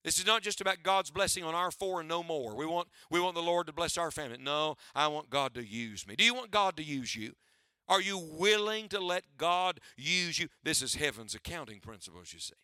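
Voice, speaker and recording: Bright, high-voiced male preacher. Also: animated, brisk, smooth, dry recording, clean studio sound. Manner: preacher's cadence with rhetorical questions to the congregation; asks listeners to write down points. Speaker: pastor. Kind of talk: sermon.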